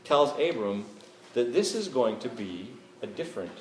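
A man's voice: medium pitch, very animated, moderate pace. Conversational Canadian man preaching, echoey room. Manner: conversational, asks "right?" often. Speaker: pastor. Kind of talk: sermon. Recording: echoey room, faint ambience.

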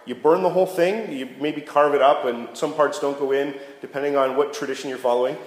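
A man's voice: medium pitch, fairly even intonation, fairly quick. A man preaching a casual sermon, joking and conversational, often checking in with "right?". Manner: jokey, conversational, keeps asking "right?". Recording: echoey hall with long reverb.

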